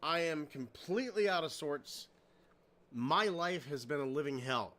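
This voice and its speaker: A man hosting a casual podcast from his home computer, his voice bright and a little high for a man. He riffs in crude, joking banter and pokes fun at himself, speaking into a desk mic. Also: animated, measured pace. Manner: crude, joking, self-deprecating. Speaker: podcast host.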